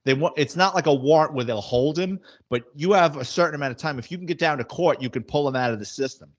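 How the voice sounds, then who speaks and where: A middle-aged former police detective, casually telling wisecracking anecdotes in a blunt way. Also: male voice, a little high, fast talker. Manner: blunt, wisecracking, acts out quoted dialogue. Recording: slightly muffled audio.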